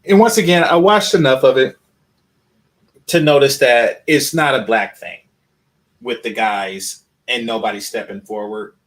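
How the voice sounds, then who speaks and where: A man's voice: mid-range voice, a little slow, fairly bright tone. Blunt, profane man reacting. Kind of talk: reaction commentary.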